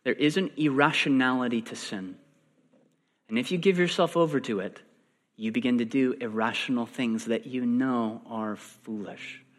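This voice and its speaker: A man preaching a sermon, animated and acting out the quoted lines. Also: medium pitch, normal speed. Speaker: pastor. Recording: long reverb in a large hall.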